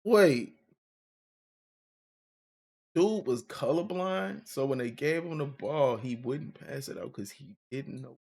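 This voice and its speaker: A man's voice: mid-range voice, expressive, slow pace, vocal fry, long pauses, darkish tone. A man reacting to a clip with disbelief and laughter in casual talk. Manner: incredulous, laughing, repeats lines. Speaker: reaction channel host.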